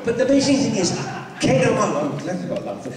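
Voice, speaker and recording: A man's voice: sits high, quick pace. Guy on a convention panel spinning a theatre story, does the voices, far off in a big echoey hall with a crowd. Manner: lively storyteller, acts out voices. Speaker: panel guest actor.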